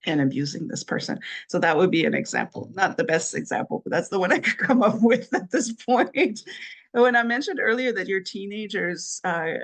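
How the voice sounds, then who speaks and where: A woman hosting a solo parenting podcast, explaining step by step and repeating her key points with a light laugh now and then. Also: lowish voice. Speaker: podcast host. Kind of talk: solo advice talk.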